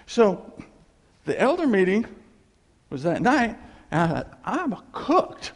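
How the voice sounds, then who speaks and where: A man preaching a sermon, telling stories in an animated way and acting out the voices of the people in them. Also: high voice, measured pace, long reverb tail. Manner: animated storytelling, acting out quoted voices with laughs.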